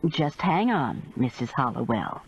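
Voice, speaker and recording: Woman playing a brisk emergency operator. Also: a bass voice, big pitch swings, vocal fry, breathy edge, dull audio, voice pushed down, full character voice. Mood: reassuring. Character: businesslike female emergency operator.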